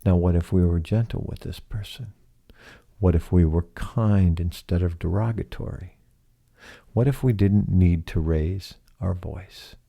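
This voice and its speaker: A man hosting a reflective solo podcast, speaking slowly and softly and asking many rhetorical questions. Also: low-pitched, gravelly. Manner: slow, soft-spoken, asks many rhetorical questions. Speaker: podcast host.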